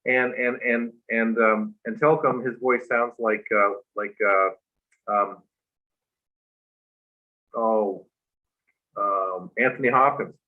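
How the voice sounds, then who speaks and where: Halting man telling a story, muffled. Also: medium pitch, steady tone. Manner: halting and earnest, with many restarts. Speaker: guest. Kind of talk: personal storytelling on a livestream talk show. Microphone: remote video call. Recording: muffled livestream audio.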